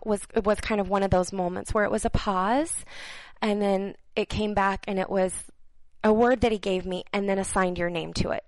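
A woman delivering prophetic words to viewers as a minister, earnest and halting, repeating phrases for emphasis and dropping into soft, near-whispered passages. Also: medium pitch, no room sound, low-quality recording.

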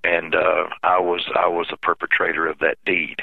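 A man who is a pastor, telling his own story in an interview, halting and earnest, repeating words and restarting often. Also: sits low, monotone, creaky, no room sound. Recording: tinny phone-line sound.

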